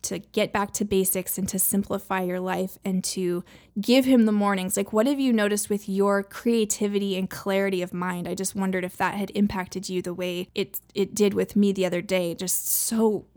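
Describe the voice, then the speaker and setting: A woman's voice: mid-range voice, steady tone, moderate pace, a little mellow. A woman in her thirties hosting a casual faith chat, chatty with lots of fillers. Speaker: podcast host.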